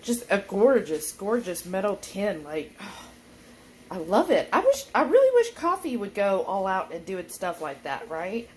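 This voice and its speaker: A woman's voice: mid-range voice, very animated, a little slow, a little hiss or hum. A woman, chatting casually to her viewers in a food vlog at home. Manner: chatty, folksy, warmly addresses viewers as y'all. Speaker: keto food vlogger.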